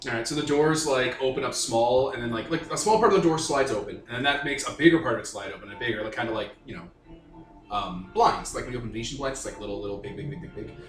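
A man's voice: medium pitch, fast, echoey room, faint music behind. Rambling man running a tabletop game. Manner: rambling, filler-heavy description. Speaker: game master.

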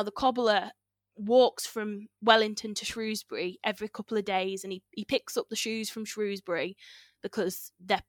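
A woman's voice: medium pitch, dry recording, clean studio sound. Chatty woman telling a folk tale. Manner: chatty, giggly, with fillers and self-corrections. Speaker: storyteller guest. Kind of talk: casual oral storytelling.

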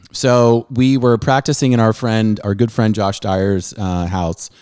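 Enthusiastic middle-aged man hosting, smooth voice. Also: on the low side, fairly even intonation, slow, darkish tone, no echo, clean studio sound. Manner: enthusiastic, rambling with many restarts and fillers. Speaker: podcast host. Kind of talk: casual chat.

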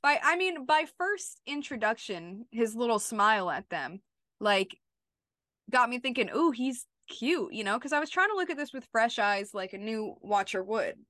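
A woman's voice: fairly high pitch, lively intonation, moderate pace, pushed and bright, no room sound. Young woman podcast co-host, giggly, says "like" a lot, dry close mic. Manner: giggly, lots of "like" and "you know". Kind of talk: casual chat.

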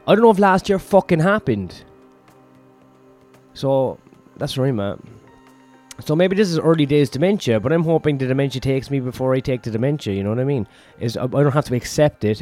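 Knackered bloke rambling on his podcast, swearing nonstop, mocking himself, bit of music quietly behind. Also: medium pitch. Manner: crude, self-mocking, swears constantly. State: tired, run-down. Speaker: comedian podcast host.

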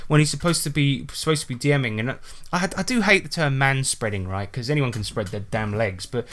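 A man's voice: medium pitch, fairly quick, a bit bright. Rambling man swearing freely. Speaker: podcast host. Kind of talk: casual podcast chat.

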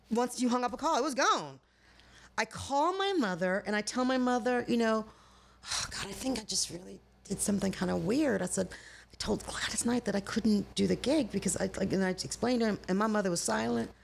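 Animated gravelly-voiced woman telling a story. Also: fairly high pitch, a little fast, slight background noise. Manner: animated, profane, acts out quoted voices. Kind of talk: casual storytelling chat.

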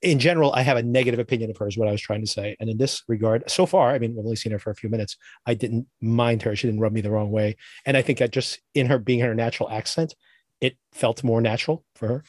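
A man co-hosts a podcast in casual, opinionated chat, rambling and restarting as he goes. He talks fast and sits at a middle pitch. The sound is dry and close. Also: fairly even intonation, a little mellow, dry recording. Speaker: podcast co-host.

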